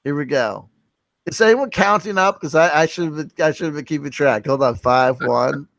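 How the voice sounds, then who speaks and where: A man hosting a live-streamed group chat, reading out votes with excitable, theatrical exclamations. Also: a little high, moderate pace, dry recording. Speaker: livestream host.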